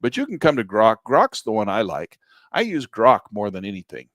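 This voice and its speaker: A middle-aged man teaching a trading class while sharing his screen, often checking in with "all right?", a bit hoarse and clearing his throat. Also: on the low side, huge pitch swings, moderate pace, a bit bright, no room sound, clean studio sound. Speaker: trading instructor. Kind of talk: screen-share class walkthrough.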